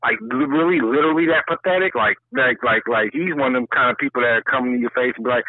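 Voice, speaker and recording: A man's voice: mid-range voice, quick pace, hardly any pauses, no room sound. A man co-hosting a casual chat, talking animatedly and profanely, with a lot of emphasis. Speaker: co-host. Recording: tinny phone-like line, dry.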